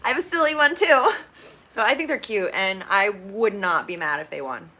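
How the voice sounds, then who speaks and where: A woman's voice: mid-range voice, normal speed. A woman giving a casual, gossipy recap of a reality TV show, blunt and opinionated, swearing freely. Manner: chatty, gossipy storytelling with bursts of excitement.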